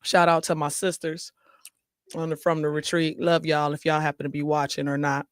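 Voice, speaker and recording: A man's voice: on the high side, completely flat delivery, normal speed, clear, resonant tone, no echo, studio quality. A man hosting a casual talk show, chatting and reading viewer comments aloud with frequent laughter. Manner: chatty, laughs often, talks to viewers directly. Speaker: show host.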